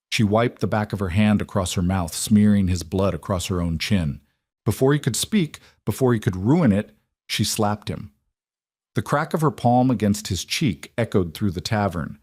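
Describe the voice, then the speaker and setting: A man reading a historical romance audiobook with measured, dramatic storytelling. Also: on the low side, darkish tone, no echo, studio quality. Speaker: narrator. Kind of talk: audiobook narration.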